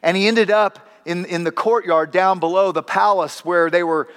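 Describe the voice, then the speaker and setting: A man's voice: sits high, fairly even intonation, moderate pace, a bit bright. A male pastor preaching a sermon, telling stories with acted voices and wry asides. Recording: long hall reverb.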